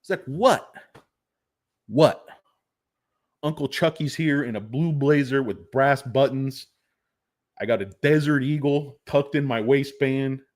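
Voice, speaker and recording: A man's voice: medium pitch, takes it slowly, pauses often, darkish tone. A man giving casual stock market commentary, rambling, joking and swearing as he goes. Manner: rambling, jokey, profane.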